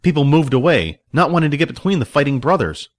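Man narrating a story, lively pitch. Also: quick pace. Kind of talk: audiobook narration with voiced characters.

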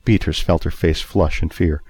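A man narrating a story in a steady, even reading voice. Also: low-pitched, normal speed, husky.

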